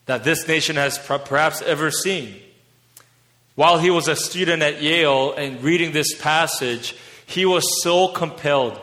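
A man delivers a sermon with fervent energy, pushing his voice up to emphatic peaks. His voice sits a little on the high side. The sound rings out with a long hall reverb. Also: a bit bright. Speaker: preacher.

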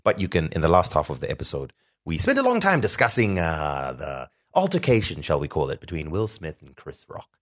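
A man co-hosting a podcast in casual, playful chat, from Zimbabwe, sometimes mock-pompous and animated. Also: very deep voice, brisk. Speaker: podcast co-host.

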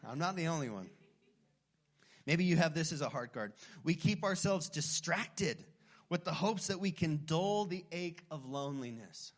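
Earnest and emphatic, a thirty-something pastor delivers his sermon in a fairly high voice with lively intonation. Whenever a phrase matters, he slows his pace to drive it home.

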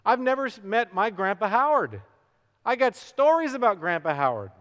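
A man's voice: high voice, sing-song. Preaching man in a reverberant hall. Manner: dramatic swings from hushed to loud with slow emphatic words. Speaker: pastor. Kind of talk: sermon.

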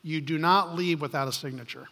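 Male pastor, high voice, conversational storytelling sermon, long hall reverb. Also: brisk, creaky, pushed and bright. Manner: storytelling, conversational with frequent restarts. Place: church stage.

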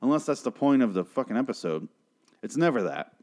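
A man with a medium-pitched, darkish voice and big swings in pitch casually recaps a TV episode. He swears freely and acts out characters' lines in quick put-on voices.

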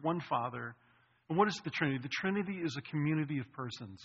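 A man's voice: fairly high pitch, slightly rough. Man preaching in a reverberant hall. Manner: conversational, jokey asides to the congregation. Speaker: pastor. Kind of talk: sermon. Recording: muffled hall recording with long reverb.

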